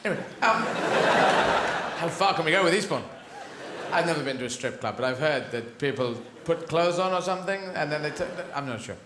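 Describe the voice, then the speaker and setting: A man's voice: on the high side, expressive, fairly quick, background noise. A male stand-up comedian with a rambling, surreal delivery, on stage in a large theatre. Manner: rambling, surreal, self-interrupting. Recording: echoey theatre with loud audience laughter.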